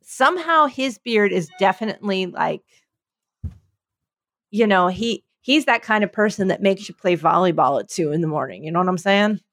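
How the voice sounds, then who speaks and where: A woman co-hosting a podcast, bantering casually with animated disbelief. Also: medium pitch, moderate pace, dry recording, clean studio sound. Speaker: podcast co-host.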